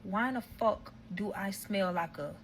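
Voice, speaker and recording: A woman's voice: medium pitch, unhurried, breathy edge. A woman telling a casual story-time tale to her viewers, heated and swearing freely. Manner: heated, profane, addresses viewers.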